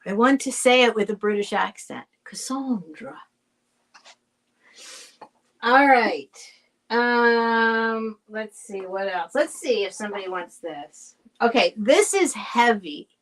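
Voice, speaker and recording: Slow-talking chatty woman selling live. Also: a little high. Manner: chatty, rambling, thanks buyers by name. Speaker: live-stream seller. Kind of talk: casual live sale chat.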